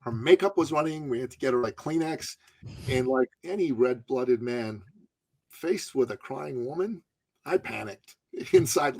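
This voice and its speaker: A man's voice: mid-range voice, very animated, moderate pace, gravelly, darkish tone. A middle-aged man spins a story for a podcast audience. His mid-range voice rises and falls with energy, and he breaks into laughter and dramatic asides as he builds each moment. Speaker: podcast guest.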